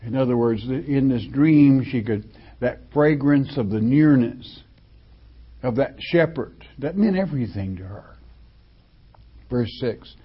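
A man's voice: medium pitch, expressive, slow pace, husky. A man preaching a sermon, reading scripture verses aloud and then explaining them in his own words, with frequent restarts and fillers. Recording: dull lo-fi recording.

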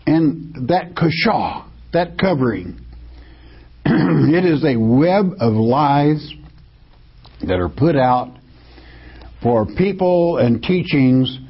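A man's voice: a little high, expressive, very slow, pauses often, slightly rough. A man preaching a sermon, reading Bible verses aloud and commenting emphatically. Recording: dull lo-fi recording.

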